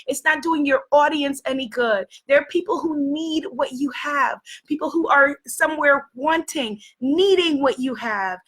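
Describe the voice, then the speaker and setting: Speaking as a life coach, this fifty-something New Yorker gives a forceful motivational talk, repeating affirmations and occasionally shouting. Her voice sits high and is starting to give out.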